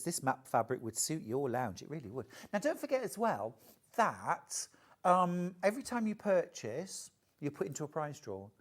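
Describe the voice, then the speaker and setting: A woman presenting a live sewing sales show, chatty and bubbly, reading out viewer messages between product pitches. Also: a little mellow. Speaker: shopping channel presenter. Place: TV studio.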